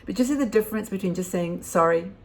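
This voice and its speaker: A woman's voice: mid-range voice, racing, mellow. An older woman hosting a casual advice talk, rambling with many fillers and restarts. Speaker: host.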